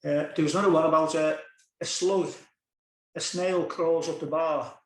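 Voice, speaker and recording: Man emcee, higher-pitched voice, casual joke-telling patter, echoey recording. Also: fairly even intonation, moderate pace. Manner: chatty, chuckles at his own jokes. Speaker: concert host. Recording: roomy, echoey sound.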